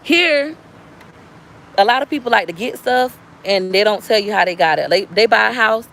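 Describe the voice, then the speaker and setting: A woman's voice: medium pitch, animated, normal speed, creaky, a bit bright, slight background noise. A woman speaking straight to viewers in a casual, preachy livestream chat. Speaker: livestream vlogger.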